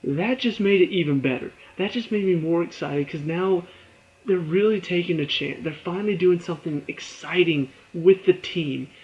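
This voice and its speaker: A man's voice: high voice, moderate pace, highs cut off. A young man reviewing a TV episode in a casual, rambling way, laughing often and acting out his own reactions.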